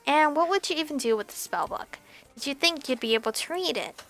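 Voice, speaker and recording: A woman voicing a sly young sorceress who cursed men, reading game dialogue aloud in a calm, probing way. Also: high-pitched, fairly quick. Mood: cool. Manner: calm, cool, probing questions.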